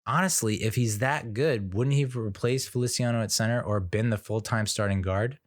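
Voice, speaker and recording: A man's voice: medium pitch, a little fast, no echo, clean studio sound. A man hosting a sports podcast, talking frankly in a casual, rambling monologue with frequent fillers and restarts.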